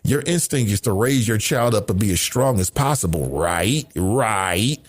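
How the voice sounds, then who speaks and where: A man's voice: on the low side, animated, a little slow. A middle-aged man hosting a casual commentary show, talking in an indignant, profane way full of rhetorical questions. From United States. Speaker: podcast host.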